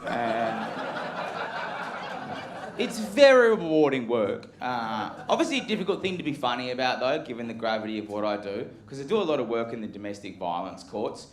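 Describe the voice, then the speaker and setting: A Western Australian stand-up comedian with a mid-range voice performs live on a comedy club stage at a moderate pace. He's very animated yet dry and offhand, tossing asides to the crowd, and the room is echoey with loud ambience.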